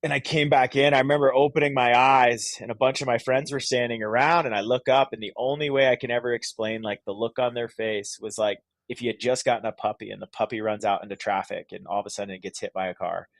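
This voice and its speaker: A man's voice: medium pitch, fairly even intonation, fast, hardly any pauses, dry recording. A middle-aged man from Vermont, a podcast guest telling his story in casual, rambling talk full of "like" and restarts. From Vermont, USA. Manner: rambling, lots of "like" and "you know", restarts.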